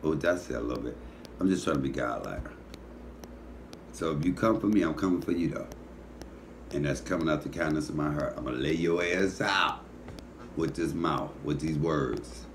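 A man with a very low voice runs a loose comedic monologue, lively and foul-mouthed as he teases his audience. A faint background hiss sits under his talk. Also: moderate pace, pauses often. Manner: animated, profane, teasing storytelling.

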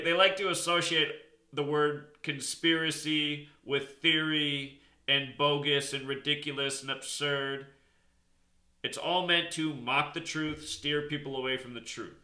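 A man's voice: a little high, sharp tone, echoey room. A man hosting his own channel, lecturing in an insistent, emphatic monologue. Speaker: channel host. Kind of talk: explanatory monologue.

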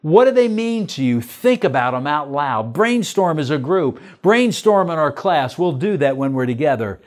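A man's voice: a little high, very animated, moderate pace. An older man, a pastor, teaching a church lesson in an earnest way, asking many questions.

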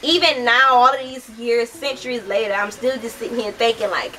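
A woman's voice: fairly high pitch, steady tone, a little fast, distant mic, rough recording. A young woman from the United States giving a heated, casual book review, swearing often and talking animatedly.

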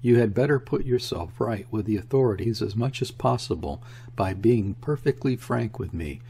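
A man's voice: lowish voice, lively intonation, normal speed, vocal fry, warm tone, slightly rough, heavily acted. A man voicing a stern, curt naval lieutenant questioning a suspect. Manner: stern, clipped, interrogating.

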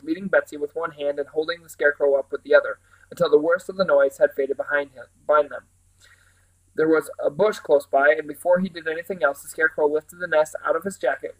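A man reading a children's storybook aloud in a steady, animated storytelling manner. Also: a little high, poor audio. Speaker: reader.

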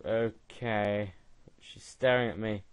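A man's voice: on the low side, fairly even intonation, slow, clear, resonant tone. A young man giving casual gaming commentary, mocking and laughing at a chatbot. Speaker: gaming video creator.

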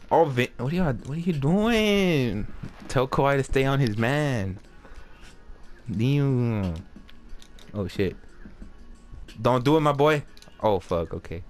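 A man giving casual, excitable commentary while playing a basketball video game, swearing and trash-talking. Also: mid-range voice. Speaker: gameplay commentator.

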